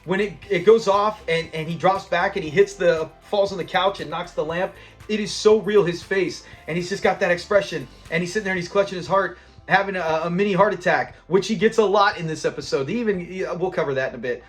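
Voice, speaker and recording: A man hosting a casual episode review, retelling scenes in an animated way and laughing often. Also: sits high, brisk, faint music behind. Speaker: host of a show review channel.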